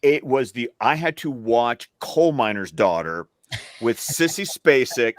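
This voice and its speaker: A man's voice: medium pitch, expressive, measured pace, dry recording, studio quality. A man from the US South chatting casually on a panel, rambling through stories in a trained, neutral stage voice. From Alabama, US South. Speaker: film podcast panelist.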